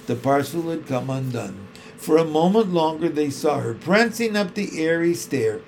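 A man reads a children's storybook aloud, slow and measured. His voice sits a little higher than most men's. A faint hiss lies under the reading. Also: a little mellow. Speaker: narrator.

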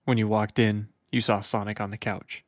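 A man co-hosting a comedy podcast, reading fan fiction aloud in a flat, steady voice for laughs. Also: lowish voice, moderate pace, no echo, clean studio sound. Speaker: podcast co-host.

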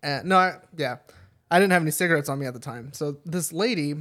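A young man tells a story on a casual podcast, rambling through fillers and curses. His voice sits a little high and he laughs often. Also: quick pace, a bit bright. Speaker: podcast co-host. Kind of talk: casual chat.

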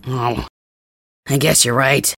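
Man as a blunt, grumbling young male cat hybrid for an ASMR role-play; slow delivery, husky, dry and close. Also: medium pitch, steady tone, fairly bright tone, no room sound. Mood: gruff teasing.

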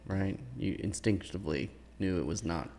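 A man's voice: deep voice, brisk, a little mellow, long reverb tail. A man hosting an interview, prompting his guest with short questions and interjections. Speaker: interview host. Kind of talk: casual interview.

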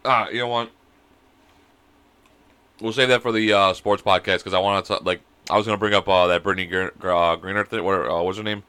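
Male co-host, slightly congested, bright tone, rambling storyteller who swears freely, on a video call. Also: low voice, steady tone, a little fast, smooth, no echo. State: sick with mucus. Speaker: podcast co-host. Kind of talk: casual chat.

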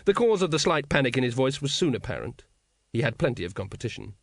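A man narrating a comic fantasy audiobook in a wry, measured way. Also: mid-range voice, big pitch swings, dry recording, clean studio sound. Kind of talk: scripted narration.

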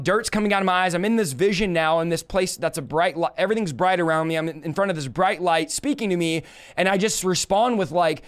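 Male preacher, 30s, high and resonant voice, emphatic live-stream testimony. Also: a little fast, clear, resonant tone. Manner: fervent, emphatic storytelling with repeated phrases; talks straight to live viewers.

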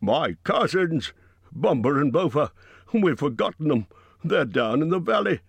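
A man's voice: fairly high pitch, sing-song, a little slow, gravelly, breathy edge, no room sound, voice pushed up, heavily acted. A man voicing a frantic male dwarf, calling out urgently with a raised voice. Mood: alarmed. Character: frantic male dwarf crying out for lost cousins.

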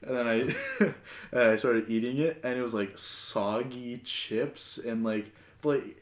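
A man's voice: mid-range voice, measured pace. Young man rambling through a story. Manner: rambling storyteller, laughs through his own anecdotes. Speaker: podcast host. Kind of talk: casual chat. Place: home room, one shared mic. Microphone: single shared mic on a laptop. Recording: roomy home recording.

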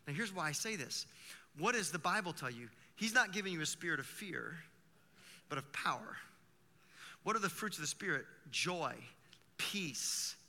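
A man preaching a sermon as pastor, talking in an animated, conversational way with vivid everyday examples. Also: high voice, in a large hall.

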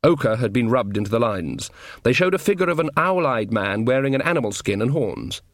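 A man's voice: mid-range voice, lively intonation, brisk, no room sound. Wry male audiobook narrator. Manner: dry, wry storytelling. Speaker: audiobook reader. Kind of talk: comic novel narration.

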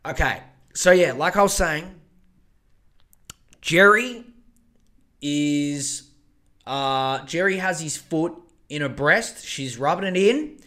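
Man, solo podcast host, crude profane rambling, casual rant, high voice, bright tone. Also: lively intonation, takes it slowly, long pauses.

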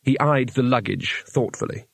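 A man narrating a fantasy novel audiobook in an even storytelling manner. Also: medium pitch, normal speed, gravelly, dry recording. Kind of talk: scripted narration.

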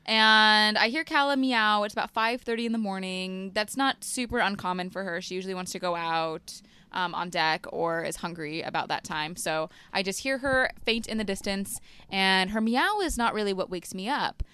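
A woman co-hosting a casual podcast, telling a story in an animated way and laughing often. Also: medium pitch, normal speed, clean tone. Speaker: podcast co-host. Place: boat.

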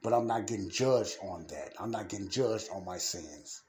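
A man hosting his own podcast, talking in a fervent, repetitive way that moves between heated ranting and quiet, earnest preaching. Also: low voice, normal speed. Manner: fervent, repetitive, shifts from ranting to soft pleading. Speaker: podcast host. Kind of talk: casual preaching monologue.

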